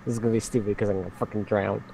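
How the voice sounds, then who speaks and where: A man playing a tabletop game, talking casually and haltingly, now and then swearing. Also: on the low side, little pitch movement, gravelly, mellow, a little hiss or hum, low-quality recording. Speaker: player.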